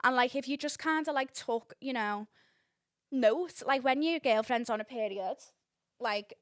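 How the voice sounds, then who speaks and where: A young woman, hosting a podcast and telling a story in casual chat, full of swearing and loud laughter. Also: sits high, unhurried, no echo, studio quality. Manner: chatty, swearing, laughs loudly at own story. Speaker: podcast host.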